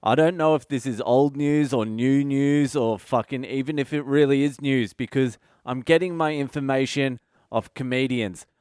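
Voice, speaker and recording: A man's voice: medium pitch, moderate pace, darkish tone, clear, resonant tone, no room sound. A man hosting a comedy podcast, delivering a profane, sardonic solo rant close to the microphone.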